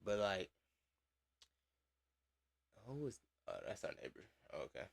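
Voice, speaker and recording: A man's voice: sits low, sing-song, measured pace, vocal fry. A man reacting to a video in casual, slangy and profane chat, full of fillers.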